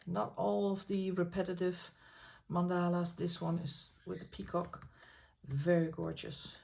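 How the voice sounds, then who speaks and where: Woman host, unhurried, some vocal fry, gushing casual flip-through with lots of ums. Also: fairly low pitch, level tone, a little mellow. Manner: enthusiastic, halting with frequent fillers. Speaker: colouring channel host.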